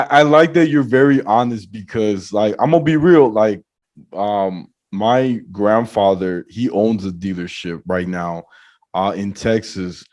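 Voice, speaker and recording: A man hosting a podcast in a laid-back, casual chat, reacting quickly and laughing often. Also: on the low side, a little mellow. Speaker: podcast host.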